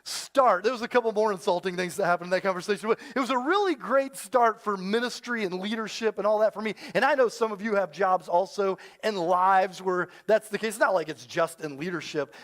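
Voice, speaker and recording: A man's voice: high-pitched, brisk, hardly any pauses, a bit bright. A man in his thirties, a pastor preaching a sermon, telling a story with self-deprecating humor. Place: church service with live audience.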